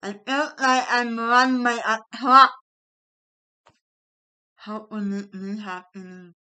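A middle-aged woman vlogger slowly recounting a personal experience in halting, emotional phrases. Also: on the high side, steady tone, sharp tone, low-quality recording. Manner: slow, halting, emotional retelling. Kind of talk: personal vlog storytelling.

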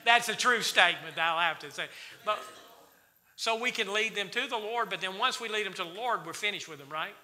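Male church teacher, sharp ringing tone, folksy Bible-study delivery, echoing sanctuary. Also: high voice, brisk. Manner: folksy, quizzes the congregation with questions. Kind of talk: Wednesday night Bible study sermon. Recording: reverberant church hall.

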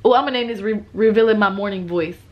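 A young woman vlogging casually to her viewers, relaxed and chatty, with a husky morning voice and a cough. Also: mid-range voice, fast talker, lo-fi sound. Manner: relaxed, chatty, laughs often. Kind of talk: casual vlog talk to viewers.

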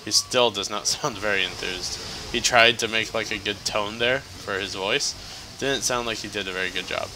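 A man's voice: fairly low pitch, moderate pace, noisy background. A man giving casual, joking let's-play commentary as he plays, chatty and laughing often. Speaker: gameplay commentator.

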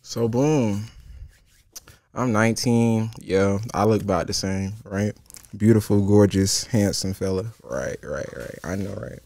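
Young male host, comedic storyteller, brash and profane, swings from shouting to near-whisper, dry close sound. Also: on the low side, unhurried, no echo. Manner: animated and profane, jumping from loud outbursts to hushed asides. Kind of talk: comedic story time monologue.

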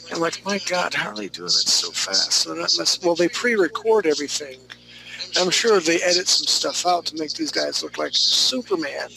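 A man's voice: on the high side, vocal fry, pushed and bright. A man teaching a live drawing class online, critiquing student work with teasing banter. He sounds tired and yawns between remarks. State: tired, yawning. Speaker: drawing instructor. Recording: noisy live stream audio.

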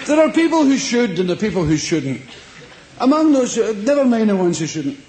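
Here a middle-aged Scottish man delivers live stand-up in a large theatre, high-pitched and very animated, fairly quick, with a warm tone. He's boisterous, swears freely, and acts out little scenes. Audience laughter fills the echoey live stage recording with the crowd.

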